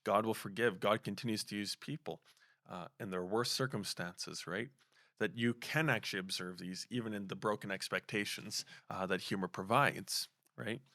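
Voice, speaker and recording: A man with a somewhat low voice hosts a casual podcast interview. He asks long, winding questions, and the recording is dry with little room sound. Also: moderate pace, pushed and bright, dry recording. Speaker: podcast host.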